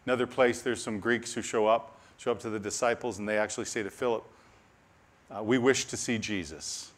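A man preaching a sermon, animated with laughing asides, dropping to a soft hush on key lines. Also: on the low side, fairly quick.

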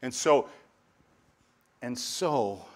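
A male pastor preaching a sermon, earnest and conversational, often restarting and repeating words, lively when telling stories. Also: mid-range voice, drawn-out words. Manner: earnest preaching with repetitions and restarts, animated storytelling asides.

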